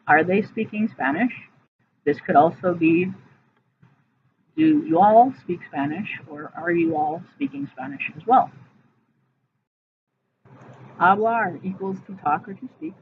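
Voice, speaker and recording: Woman, Spanish teacher in a recorded lesson; methodical, checks in with "right?"; tinny lo-fi audio. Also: medium pitch. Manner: explains step by step, checks in with "right?". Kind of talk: recorded vocabulary and grammar lesson. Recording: tinny lo-fi audio with faint hiss.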